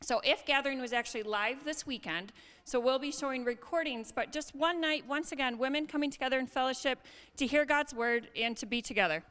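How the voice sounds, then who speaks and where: A woman's voice: sits high, brisk, a bit bright. A woman giving friendly, informal announcements in a church, chatty and upbeat. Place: church sanctuary. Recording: hall reverb.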